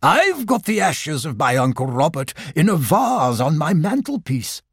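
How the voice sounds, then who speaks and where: A man's voice: fairly high pitch, big pitch swings, a little slow, gravelly, slightly rough, dry recording, full character voice. A self-important old owl in a storybook, voiced by a man, rambling on about family matters. The voice is lifted a little and a touch distant from the mic. Dry overall.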